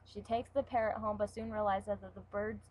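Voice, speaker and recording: A young woman, a sick web show co-host, reading jokes aloud casually on a home webcam and letting her sentences trail off quietly. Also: medium pitch, little pitch movement, normal speed, rough recording.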